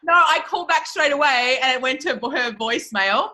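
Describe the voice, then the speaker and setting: A woman's voice: high-pitched, expressive, moderate pace, bright, forceful tone, rough recording. A woman telling a story in a casual interview, chatty and swearing freely, with lots of "like" fillers. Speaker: interview guest, network marketing leader.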